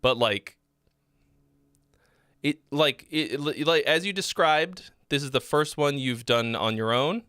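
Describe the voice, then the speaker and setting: Blunt man critiquing songs, bright clear voice. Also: fairly high pitch, slow pace, dry recording, studio quality. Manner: blunt, frequent fillers and throat clearing, swears. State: throat needs clearing. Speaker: host giving song feedback. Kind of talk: casual live critique.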